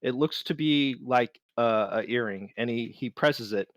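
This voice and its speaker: A man running a tabletop game as game master, narrating with many pauses and restarts. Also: mid-range voice, no echo. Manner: halting, many fillers and restarts.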